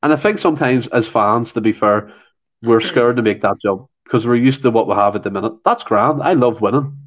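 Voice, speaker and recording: A man's voice: mid-range voice, a little fast. A man talks football on a podcast with heated, ranting passion. He often stumbles and repeats himself as he builds his point. The sound is dull and lo-fi. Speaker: podcast co-host. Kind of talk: casual football chat.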